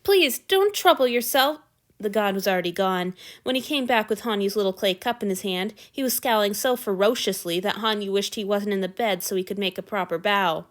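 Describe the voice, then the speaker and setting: A woman narrating a fan fiction story aloud in a steady, even reading voice. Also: mid-range voice, a little fast, few pauses.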